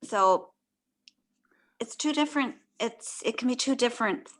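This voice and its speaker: A woman hosting a parent panel who speaks haltingly, often restarting her sentences. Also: fairly high pitch, animated, a bit bright. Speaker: host. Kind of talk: casual panel discussion.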